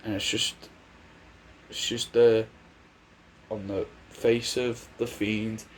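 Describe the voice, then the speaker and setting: A man's voice: on the low side, flat delivery, takes it slowly, slight background noise. A man giving casual, rambling wrestling predictions on his vlog, often restarting his sentences. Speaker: wrestling commentator.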